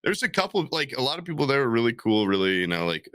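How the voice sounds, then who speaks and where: Male podcast co-host, animated storyteller, bright tone, dry close mic. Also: mid-range voice, fast, no room sound. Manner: rambling storyteller, acts out quotes in shifting voices, swears often. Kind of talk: casual chat.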